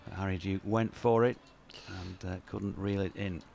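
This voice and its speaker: A man's voice: low-pitched, steady tone, normal speed, vocal fry, darkish tone, a little hiss or hum. A man commentating live on cricket, chatty, reading listener emails aloud and laughing easily.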